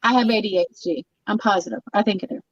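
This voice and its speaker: A woman's voice: mid-range voice, steady tone, quick pace, dry recording, lo-fi sound, natural voice. A woman playing a brash, boozy male show-off. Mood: boastful. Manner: brash, rambling, crude, loses her train of thought. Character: boastful, boozy male show-off, cigar and wine. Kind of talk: live-stream comedy parody.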